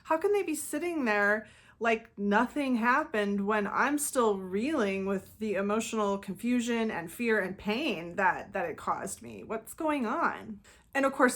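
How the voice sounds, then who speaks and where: A woman speaks straight to her viewers in a loose, conversational way. Her voice sits at a middle pitch. She now and then slips into quoted voices before going back to her own easy tone. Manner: conversational, acts out quoted outbursts with laughs. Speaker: channel host. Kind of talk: casual talking-head commentary.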